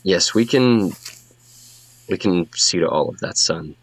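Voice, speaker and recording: A man voicing a formal older father, a wealthy newspaper owner who speaks in a measured way. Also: deep voice, lively intonation, gravelly, slightly rough, no echo, heavily acted. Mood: fatherly.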